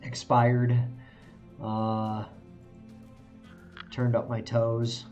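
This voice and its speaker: A man's voice: medium pitch, completely flat delivery, very slow, a little mellow, highs cut off. A man streaming a video game, chatting casually, poking fun at his own failures and chuckling often. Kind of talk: casual live-stream commentary while playing. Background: faint game music.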